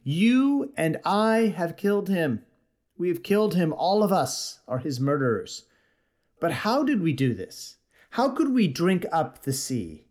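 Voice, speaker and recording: Brief: raving madman, urgent questions, pitched up high, read by a male preacher. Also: very animated, a little slow, a little mellow. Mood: frantic.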